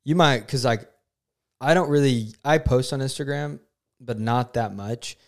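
Male pastor co-host, casual, thoughtful, mid-pitched voice. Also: unhurried. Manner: thoughtful, searches for words with ums. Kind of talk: casual podcast chat.

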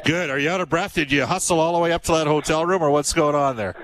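A man's voice: on the high side, fast, fairly bright tone. A man hosting a sports radio talk show, chatting easily and reading ads in stride.

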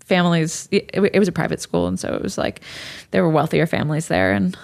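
A woman in her thirties chatting on a podcast in a slightly low voice. She rambles loosely, restarting sentences and leaning on fillers as she goes. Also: steady tone, fairly quick, creaky, a little mellow. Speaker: podcast co-host. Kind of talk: casual chat.

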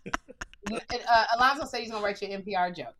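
A middle-aged woman comedian, chatting casually and telling stories in a lively, joking way. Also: mid-range voice, brisk, background noise. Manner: animated storyteller, lively and joking. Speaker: stand-up comedian. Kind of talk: casual podcast chat.

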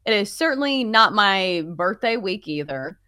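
A woman's voice: mid-range voice, expressive, moderate pace, bright, forceful tone, dry recording, studio quality. A young woman co-hosting a sports podcast, chatting in a wry, easygoing way and filling her talk with "like". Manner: chatty, heavy use of "like", wry. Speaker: sports betting podcast co-host. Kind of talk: casual chat.

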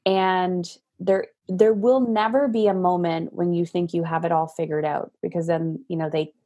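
A middle-aged woman with a slightly husky voice talks as a podcast guest. She tells stories casually and acts out quotes as she goes. She is heard over a video call. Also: fairly low pitch, moderate pace. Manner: animated storytelling with acted quotes. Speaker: podcast guest, parenting coach. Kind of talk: casual interview talk.

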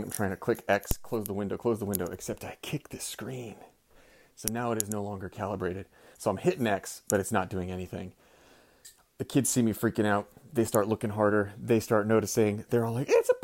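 Low-voiced man telling a story. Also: brisk, a little hiss or hum. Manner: animated, swears, acts out quotes. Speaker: former teacher sending in a story. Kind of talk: casual storytelling.

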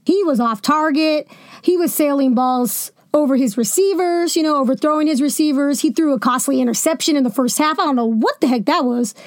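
A young woman hosting a sports podcast, venting about a football game in a jokey, animated way with asides. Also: sits high, no room sound, clean studio sound. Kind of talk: casual sports commentary.

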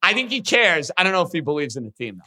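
A man's voice: on the high side, sing-song, quick pace, pushed and bright. A man guest talking sports in casual banter, needling his host in a teasing way.

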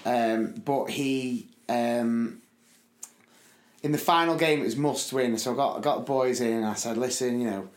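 A man, co-hosting a podcast in casual chat and telling stories with lively, loud bursts. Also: mid-range voice, normal speed. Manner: lively storytelling, loud bursts when acting out his shouting. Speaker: podcast co-host. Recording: roomy echo.

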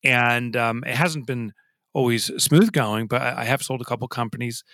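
A man being interviewed as a guest author, telling his story in a lively, self-deprecating way and often repeating words as he starts sentences. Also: mid-range voice, normal speed, dry recording. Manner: animated and self-deprecating, with frequent stammered repeats.

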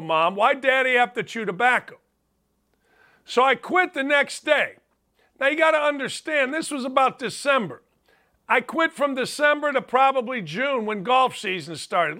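A man's voice: very high-pitched, sharp tone. A man in his fifties hosting a sports talk show, telling stories emphatically and repeating phrases for effect. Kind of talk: animated sports talk monologue.

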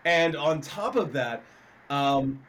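A man's voice: a little high, animated, slow pace, a bit bright. A man hosting a sports talk show, telling a teasing story in casual chat.

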